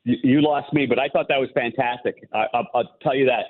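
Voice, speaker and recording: A former goalie turned hockey analyst calls in for a casual phone-in interview, telling rambling anecdotes that keep restarting. His medium-pitched voice is steady in tone and fairly quick. The phone mic gives a tinny sound.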